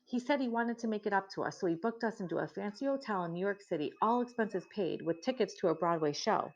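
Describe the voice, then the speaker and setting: A woman voicing a worried middle-aged farmer's wife, flustered, with her pitch rising as she talks. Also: lively intonation, fast talker. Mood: fretful. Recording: dull lo-fi recording.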